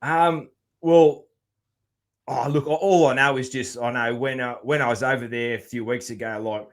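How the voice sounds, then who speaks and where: A relaxed Australian man hosts a casual podcast chat at a middling pitch. He talks loosely, with plenty of "you know" and the odd swear word. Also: normal speed. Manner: laid-back, swears freely, many fillers. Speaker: podcast host.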